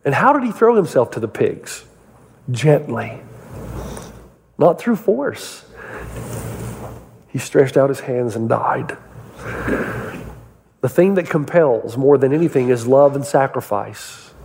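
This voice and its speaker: A man preaching a sermon, telling stories and asking his listeners rhetorical questions in an animated way. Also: medium pitch, big-room sound, a little hiss or hum. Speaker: pastor.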